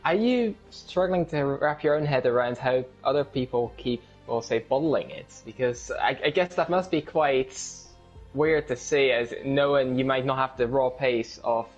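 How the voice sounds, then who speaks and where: A man's voice: medium pitch, moderate pace. A man co-commentating after a race, his questions dry and teasing. His mic sounds dull and lo-fi, with faint music underneath.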